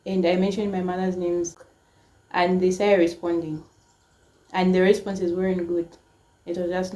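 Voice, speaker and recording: A woman's voice: lowish voice, normal speed, pauses often, highs cut off. A woman in her twenties telling a personal story to camera in a casual, emotional way, full of "like" fillers. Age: 20s. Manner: emotional, frequent "like" fillers, animated quoting. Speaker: storytime vlogger.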